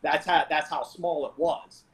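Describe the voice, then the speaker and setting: Guy reminiscing about his old gym, chatty and lively, slightly high voice. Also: unhurried, low-quality recording. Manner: animated, laughing reminiscence. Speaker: podcast guest, jiu-jitsu black belt. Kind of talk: casual storytelling.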